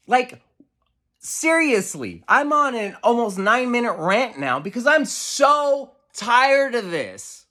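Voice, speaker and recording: A man's voice: extremely high pitch, bright, forceful tone. A man, a sports radio host, delivering a heated, profane football rant full of exasperation.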